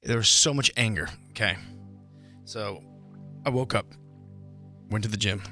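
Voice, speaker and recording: A man co-hosting a morning radio show, telling a story in an animated way and acting out his own shouting. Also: fairly low pitch, unhurried, faint music behind. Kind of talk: casual radio banter.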